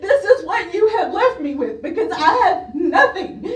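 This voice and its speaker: A woman's voice: very high voice, very animated, normal speed. A woman pleading in tears during public comment at a council meeting, her voice shaking as she speaks. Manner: pleading, breaking with emotion. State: crying, voice shaking. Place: council chamber. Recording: echoey chamber, distant mic.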